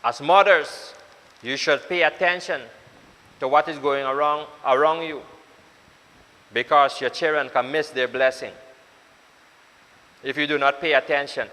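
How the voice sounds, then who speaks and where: A male pastor preaches to his congregation, his bright, high voice ringing through a church hall with long reverb. He drives his point home with insistent repetition and speaks straight to his listeners. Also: fairly even intonation, a little slow, pauses often. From Suriname. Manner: repetitive, exhorting, addresses congregation directly. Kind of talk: sermon.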